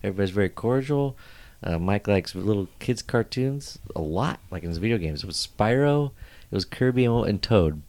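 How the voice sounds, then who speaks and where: A man's voice: lowish voice, fairly quick. A young adult man hosting a casual podcast chat, telling stories with lots of laughter. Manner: animated storyteller, laughs often. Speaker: podcast host.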